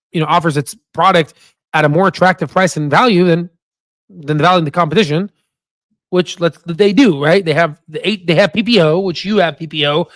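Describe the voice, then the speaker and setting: A man with a notably high voice hosts a stock-analysis video in a loose, joking way, coaxing and swearing casually as he goes. The sound is very dry, with no room echo. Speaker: investing channel host. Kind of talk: casual screen-share stock talk.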